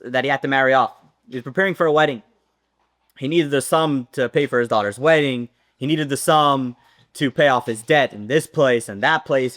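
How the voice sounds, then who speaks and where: A man teaching a Torah class, telling a story with lively acted-out dialogue. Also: a little high. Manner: animated storyteller, acts out dialogue.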